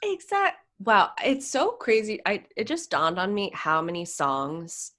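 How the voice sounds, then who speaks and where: Her mid-range voice moves at a measured pace as she co-hosts a casual podcast about celebrity gossip. Animated throughout, she laughs, gasps, and leans heavily on "like".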